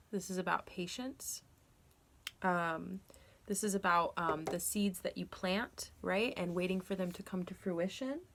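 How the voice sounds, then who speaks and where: A woman's voice: lowish voice, slow, long pauses, a bit bright, slight background noise. A young woman giving a casual tarot reading to camera, candid and rambling, with frequent ums and self-corrections. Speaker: tarot reader.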